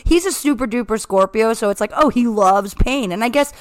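A woman co-hosting a podcast in casual chat, riffing in fast, profane rants. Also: fairly high pitch, dry recording. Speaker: podcast co-host.

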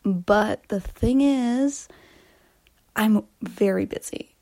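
A woman's voice: mid-range voice, very slow, mellow. A young woman hosting a casual solo podcast, chatting in a rambling way and sometimes dropping to a whisper, recorded on a phone voice memo. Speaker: podcast host.

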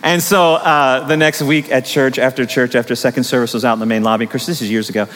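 A middle-aged male pastor preaching a sermon, telling stories with animated, emphatic rises in his voice. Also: medium pitch, quick pace, slight background noise. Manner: animated storytelling with rising emphatic peaks. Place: church sanctuary. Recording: long hall reverb.

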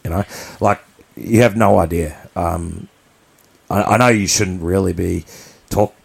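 A man's voice: low-pitched, a little slow, creaky, slightly rough. A man from New Zealand, co-hosting a podcast, telling a personal story in a candid, blunt, rambling way. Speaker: podcast co-host.

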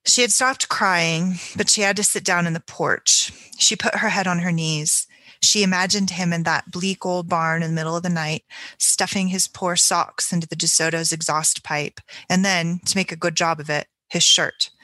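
Woman, book podcast co-host, measured reading, low bright tone. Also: steady tone, no room sound. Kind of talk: reading a novel passage aloud.

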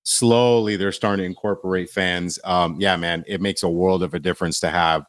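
A low-voiced man from Glendale, California talks as a podcast guest in a loose, meandering way, dropping fillers and swear words as he goes. His voice sits close and dry on the mic, with nothing around it. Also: fairly even intonation, normal speed, no room sound. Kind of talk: casual podcast chat.

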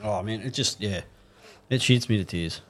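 A man's voice: fairly low pitch, moderate pace, a bit bright. A man co-hosting a podcast, telling crude stories in a casual, swear-heavy chat. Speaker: podcast co-host.

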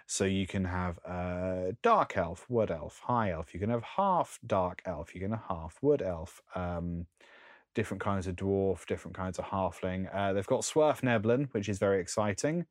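A man with a very low voice chats loosely on a podcast, filling gaps with ums and little laughs. He is recorded close on a microphone in a dry, dead room. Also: moderate pace, dry recording. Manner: rambling, lists things with frequent ums and laughs. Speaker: podcast co-host. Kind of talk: casual chat.

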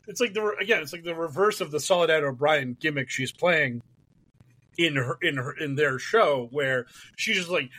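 A man's voice: on the high side, normal speed, pushed and bright. A man co-hosting a podcast in casual chat, rambling and mocking, breaking into silly impressions with many restarts. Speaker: podcast co-host.

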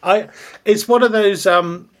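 A man hosts a podcast in a somewhat higher voice. He mostly backs his guest up with short, agreeable remarks. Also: unhurried, a bit bright. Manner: agreeable, brief affirmations. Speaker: podcast host. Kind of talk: casual podcast chat.

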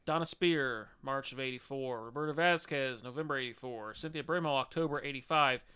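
A man's voice: mid-range voice, fairly quick, sharp tone, smooth. A man co-hosting a podcast in casual chat, joking and stumbling over his words. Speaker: podcast co-host.

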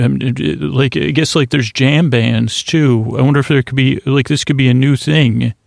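A man hosting a bedtime podcast, rambling in a creaky, self-deprecating, meandering way with lots of fillers. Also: medium pitch, fairly even intonation, normal speed, hardly any pauses, dry recording, studio quality. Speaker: podcast host.

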